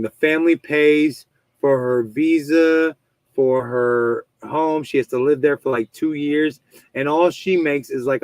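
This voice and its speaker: A man's voice: mid-range voice, no echo, poor audio. A man in his thirties hosting a casual podcast, telling stories in a rambling way with lots of swearing and restarts. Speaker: podcast host. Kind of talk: casual chat.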